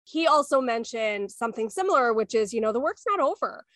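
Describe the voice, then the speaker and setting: A woman with a high voice co-hosts a podcast and chats in a friendly way. She is from central Illinois. The sound is dry and close-miked. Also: lively intonation, fairly quick, fairly bright tone, no room sound. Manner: friendly, chatty. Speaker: podcast co-host. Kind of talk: casual podcast conversation.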